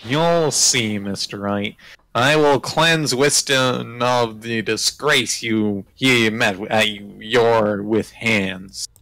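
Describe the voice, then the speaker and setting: A man's voice: lowish voice, slow, bright, forceful tone, heavily acted, poor audio. A man voicing a haughty male prosecutor, reading the script aloud and stumbling over words. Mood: smug.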